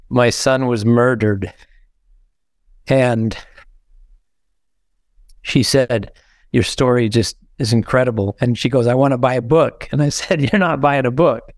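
A man in his sixties, a podcast guest, telling heartfelt stories in an earnest, halting way with many fillers. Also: lowish voice, smooth, no room sound, studio quality. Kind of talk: conversational storytelling.

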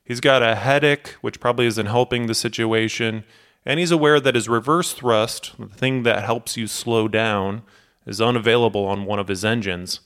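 A man narrating a true aviation disaster story in a steady, measured scripted style. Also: medium pitch. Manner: steady, measured storytelling that acts out cockpit quotes.

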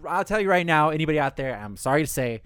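Guy ranting fast in a podcast chat, lively pitch, lots of swearing. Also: clear, resonant tone, no room sound, studio quality. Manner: profane, animated storytelling. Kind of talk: casual chat.

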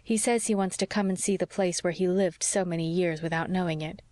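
A woman's voice: on the low side, fairly even intonation, a little fast, a little mellow, no echo, lightly acted. A woman reading a lonely, earnest young woman. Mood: confiding. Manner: earnest, confiding.

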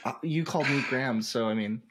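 A man's voice: mid-range voice, fast, background noise. A man co-hosting a casual podcast, rambling with fillers and laughing often. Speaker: podcast co-host. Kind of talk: casual chat. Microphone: podcast microphone.

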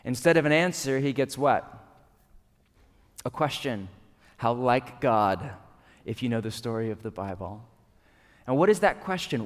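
A man's voice: medium pitch, lively intonation, moderate pace. A man preaching a sermon as a pastor, talking conversationally and asking rhetorical questions. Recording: long reverb of a large hall.

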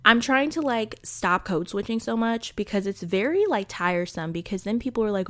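A woman's voice: mid-range voice, animated, moderate pace, fairly bright tone. A woman with a Midwestern accent and a hint of Southern country twang hosts her own podcast. She talks straight to her listeners in loose, chatty solo talk, full of fillers and asides. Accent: Midwestern with a little Southern country twang. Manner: chatty, addresses listeners as y'all, many fillers. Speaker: podcast host. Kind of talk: casual solo podcast chat.

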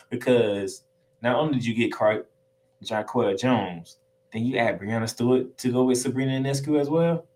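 A male sports podcast host talking alone through recent game results. His delivery is casual and slangy, emphatic and excitable, and he swears freely while restarting sentences as he goes. His voice sits at an ordinary pitch for a man. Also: fairly quick, rough recording. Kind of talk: solo sports recap monologue.

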